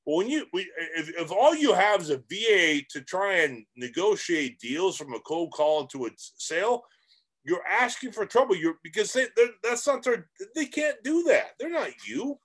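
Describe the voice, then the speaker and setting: A man's voice: sits high, sing-song, moderate pace, fairly bright tone. A middle-aged man coaching real estate investors straight to camera, emphatic and rambling, with self-aware jokes. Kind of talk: direct-to-camera coaching monologue.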